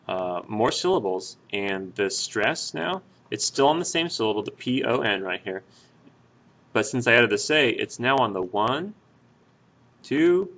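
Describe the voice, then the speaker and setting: A man's voice: on the low side, fairly bright tone. A man teaching Spanish grammar, explaining step by step in a patient, casual way with frequent fillers and restarts.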